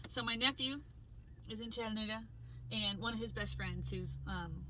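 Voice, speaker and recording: A woman co-hosting a podcast, telling a story in casual chat, animated and swearing freely as she acts out what people said. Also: a little high, normal speed, a little hiss or hum, poor audio. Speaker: podcast co-host.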